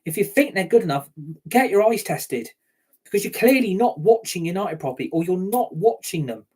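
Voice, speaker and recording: A man's voice: high voice, lively intonation, moderate pace, darkish tone, breathy edge. A man giving an angry, heated rant as a football fan, swearing freely. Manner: heated, ranting, heavy swearing. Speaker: football fan channel host.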